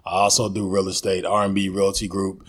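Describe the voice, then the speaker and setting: A man with a low voice and a husky edge, a guest on a podcast. He talks in a laid-back, casual way. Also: little pitch movement, fairly quick. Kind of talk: casual chat.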